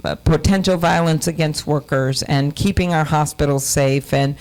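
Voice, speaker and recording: A woman's voice: low-pitched, fairly even intonation, normal speed, darkish tone, poor audio. A middle-aged woman giving a campaign speech in a hotel conference room, telling personal stories in a folksy, earnest way. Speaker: presidential candidate speaker.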